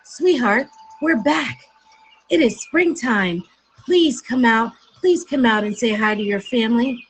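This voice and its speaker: A woman voicing a caring mother duck who gently coaxes her son. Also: on the high side, unhurried, breathy edge, low-quality recording. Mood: pleading. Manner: coaxing, pleading.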